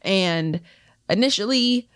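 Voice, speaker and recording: A woman's voice: medium pitch, expressive, takes it slowly, fairly bright tone, a little hiss or hum. A woman co-hosting a podcast, recapping competition matches in casual chat and reading out trivia questions. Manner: reads out match results and trivia questions, then chats loosely. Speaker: podcast co-host.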